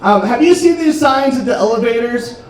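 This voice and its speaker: A man doing a stand-up set, telling dark jokes in a deadpan way with frequent ums, on a restaurant comedy stage. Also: extremely high pitch, moderate pace. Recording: roomy club, distant mic, crowd noise. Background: audience laughter.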